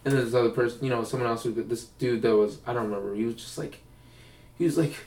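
A man's voice: mid-range voice, fairly even intonation, fast talker, a little mellow. A young man telling rambling stories in casual chat, co-hosting a podcast. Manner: rambling, acts out quoted voices. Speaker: podcast co-host. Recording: roomy, distant mic.

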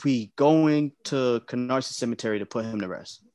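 A man tells a personal story in a dry, close-up recording. His pitch swings high and low as he acts out other people's voices, and he turns quiet and soft at the grief. The room adds almost no echo. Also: normal speed, smooth. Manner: animated, acts out quoted speech, drops low and soft when grieving. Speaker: podcast guest. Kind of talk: casual storytelling.

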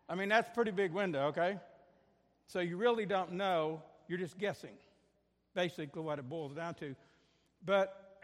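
A man's voice: on the high side, in a large hall. A man leading a prayer and preaching a sermon, telling a story in a folksy way with many fillers and restarts. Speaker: pastor. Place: church sanctuary.

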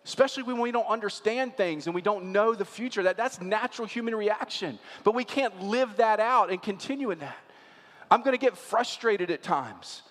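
High-voiced pastor preaching in a reverberant hall. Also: male voice, expressive, normal speed, fairly bright tone. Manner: conversational preaching with rhetorical questions to the congregation. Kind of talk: sermon.

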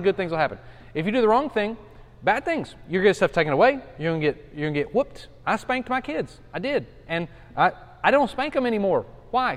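A middle-aged male pastor with a notably high voice teaches an informal Bible study. He talks in a loose, conversational way and repeats lines for emphasis, and his voice rings with a long hall echo.

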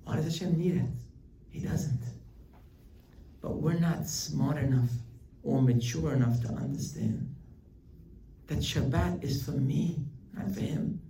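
A man giving a weekly religious class as a rabbi, telling stories in an animated way and jumping up high for emphasis. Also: a little slow, slight background noise. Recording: roomy hall, distant mic, faint ambience.

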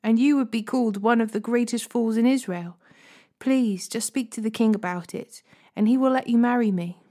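A woman's voice: on the high side, normal speed, dark tone, close to an everyday voice. Woman reading as a pleading young princess.

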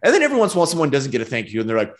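A man's voice: medium pitch, huge pitch swings, very fast. A man, a business owner, telling stories in casual podcast talk and acting out quoted dialogue, laughing often.

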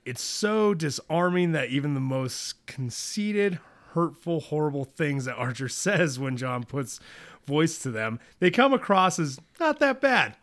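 Bright, lively man co-hosting a chat. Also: a little high, unhurried. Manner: excitable, laughs often, reads notes aloud. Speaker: podcast co-host. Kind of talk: casual chat about a cartoon series.

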